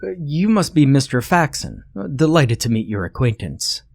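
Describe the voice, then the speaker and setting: A man's voice: medium pitch, big pitch swings, normal speed, creaky, darkish tone, no echo, clean studio sound, pitched above the performer's own voice. A man voicing a young, pompous but polite royal scholar who talks formally and stammers with fillers. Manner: formal, courteous diction.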